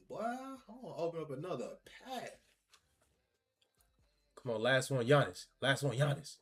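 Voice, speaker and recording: A man giving excitable, laughing, slangy pack-opening commentary, talking to the game and cards as he goes. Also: on the high side. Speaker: gaming video creator.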